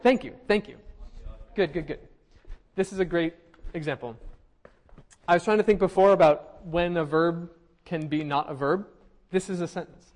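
Teaching linguistics, a young man patiently explains material in a lecture, often checking in with the class and saying um frequently. His voice sits high and sounds a little mellow.

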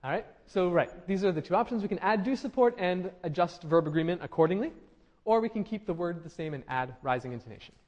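A man's voice: high voice, expressive, fast talker, darkish tone, muffled recording. A man teaching a linguistics class, explaining step by step and often checking in with his students. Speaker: linguistics lecturer. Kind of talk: classroom lecture.

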